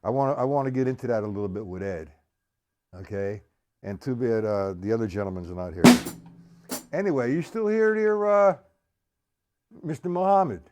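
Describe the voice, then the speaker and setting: An older man with a medium-pitched, darkish voice speaks at normal speed, pausing often, with the highs cut off. He teaches a live-streamed drum lesson with a drum kit in the background, explaining each exercise, counting beats aloud, and addressing chat viewers by name.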